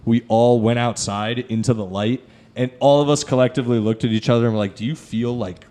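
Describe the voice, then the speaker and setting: A man's voice: mid-range voice, steady tone, fast, mellow. Laid-back man, comedy podcast chat. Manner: laid-back, says "dude" a lot, acts out cartoon voices. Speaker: podcast host.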